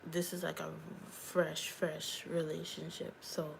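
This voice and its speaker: A woman's voice: sits low, level tone, takes it slowly, gravelly, slight background noise, rough recording. A young woman, a YouTuber and hairstylist, chatting candidly on a livestream and talking straight to her viewers. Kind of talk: casual livestream chat.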